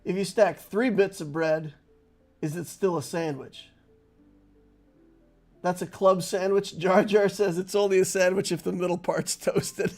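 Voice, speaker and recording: A man streaming a game with a high, gravelly voice, unhurried as he banters with his chat and breaks into laughter often. Faint music plays behind him. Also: steady tone, darkish tone. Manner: playful, chatting with viewers and laughing easily. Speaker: gaming streamer. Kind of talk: casual live-stream game commentary.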